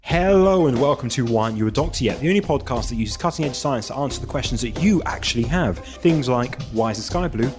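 A man co-hosts a casual podcast, talking fast with an animated, jokey delivery. His pitch jumps around a lot, and music sits under the talk. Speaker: podcast co-host.

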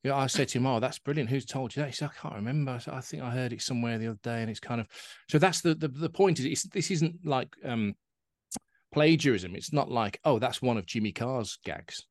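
A man's voice: medium pitch, quick pace, dry recording, studio quality. Chatty man telling jokes. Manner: chatty, animated anecdotes with put-on voices. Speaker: podcast co-host. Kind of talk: casual chat and joke telling.

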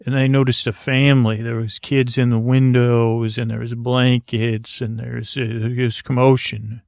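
A man narrating an improvised bedtime story in a gravelly, rather flat voice, close and dry. He rambles and halts, restarting his sentences often. The telling is loose and unhurried. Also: medium pitch, dry recording. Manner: rambling, halting, with many restarts.

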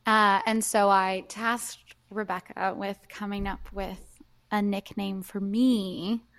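A woman's voice: medium pitch, little pitch movement, slow pace, gravelly, fairly bright tone. Chatty young woman podcast co-host. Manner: chatty, laughs easily. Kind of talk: casual chat.

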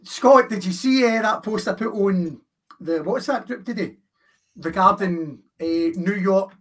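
Man, high voice, husky, jokey banter, far from the mic. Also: a little slow, fairly bright tone. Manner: jokey, teasing. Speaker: podcast co-host. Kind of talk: casual football chat.

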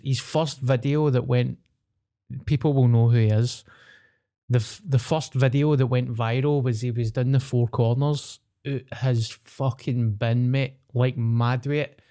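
Glaswegian man, podcast co-host, rambling gossip full of swearing, mid-pitched. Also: fairly even intonation, measured pace, mellow, clear, resonant tone. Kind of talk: casual chat.

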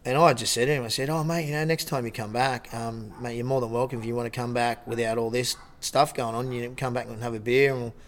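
An Australian man, a lifeguard on a TV show, telling stories in a rambling, animated way and acting out the dialogue. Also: mid-range voice, quick pace, few pauses. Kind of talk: casual storytelling interview.

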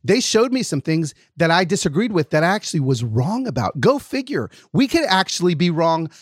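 A man hosting a podcast, telling a story with lively acted-out quotes in casual chat. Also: a little high, fairly quick, dry recording, clean studio sound. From lives in Nashville, Tennessee. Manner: animated storyteller, acts out quotes. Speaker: podcast host.

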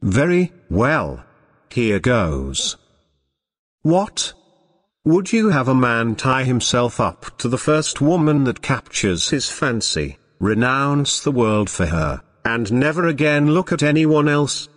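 A man's voice: mid-range voice, big pitch swings, big-room sound. A man playing a pompous hammy stage actor. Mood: grandiose. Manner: grand, theatrical, slow declaiming.

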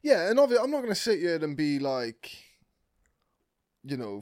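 A man's voice: on the high side, big pitch swings, normal speed, a little mellow, no room sound, clean studio sound. Laid-back young man with crude humour. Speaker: podcast co-host. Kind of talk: casual chat.

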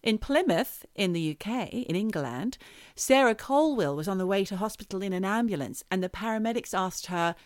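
A woman's voice: medium pitch, lively intonation, moderate pace, few pauses, no room sound, clean studio sound. A woman co-hosting a podcast, chatting casually and telling stories in a playful way. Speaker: podcast co-host. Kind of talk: casual chat.

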